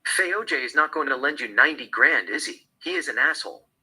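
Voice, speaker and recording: A man's voice: mid-range voice, lively intonation, fast talker, pushed and bright, breathy edge, full character voice, rough recording. A man reading the lines of a distraught woman in rehab in his own plain voice. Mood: desperate.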